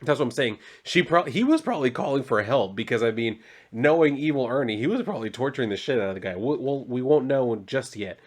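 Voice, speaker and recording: A man's voice: medium pitch, expressive, quick pace. A man reviewing a comic book in a casual, rambling recap full of "like" and swearing. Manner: rambling, profane, heavy on "like".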